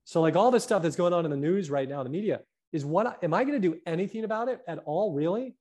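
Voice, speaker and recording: Guy on a health chat, kinda high voice, animated, keeps saying right?. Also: quick pace. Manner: animated, tags points with "right?". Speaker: health guest. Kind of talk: casual conversation.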